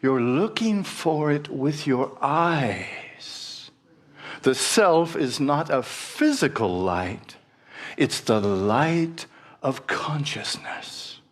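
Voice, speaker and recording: A man voicing a calm spiritual teacher, speaking slowly and softly in a measured way. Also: mid-range voice, husky, full character voice. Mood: calm teaching. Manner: slow, measured, softly spoken. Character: stern, earnest male spiritual teacher, calm.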